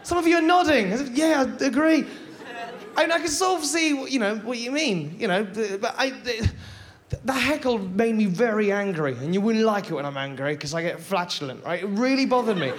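A man works a live comedy crowd in a high, bright-pitched voice. He is animated and keeps slipping into squeaky mock voices for his characters between punchlines. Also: brisk. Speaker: stand-up comedian. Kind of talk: stand-up comedy set. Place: live comedy stage before an audience.

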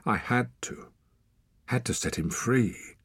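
A man's voice: mid-range voice, slow, husky, no echo, studio quality, pitched above the performer's own voice. A man voicing a brave but shaken young girl in an audiobook, speaking urgently and pleadingly. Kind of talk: audiobook character voice.

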